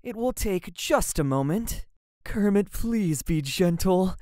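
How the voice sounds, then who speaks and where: A man voicing a haughty, smug YouTuber persona, slow and grandly dismissive. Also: high voice, animated, mellow, dry recording, studio quality. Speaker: hired voice actor.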